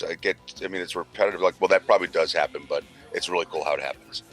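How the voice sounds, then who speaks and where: Low-voiced male co-host, bright tone, rambling and profane, light music underneath. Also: fairly even intonation, fast talker, few pauses. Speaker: podcast co-host. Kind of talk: casual chat.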